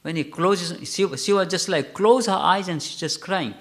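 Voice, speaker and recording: A man teaching a scripture class, telling a story in a halting way, correcting himself and putting questions to his listeners. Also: high voice. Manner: halting, self-correcting, asks the audience questions. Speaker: lecturer.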